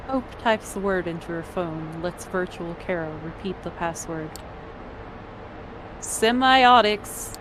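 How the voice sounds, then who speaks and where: A woman narrating a story in the second person, measured and descriptive. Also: lowish voice, noisy background.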